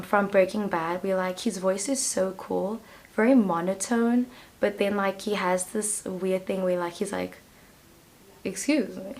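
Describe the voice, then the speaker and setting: A South African woman talks through a pick-a-card tarot reading in a loose, conversational way. She rambles and fills her sentences with "like". Her voice sits at a middling pitch. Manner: chatty and rambling, leans on "like". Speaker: tarot reader.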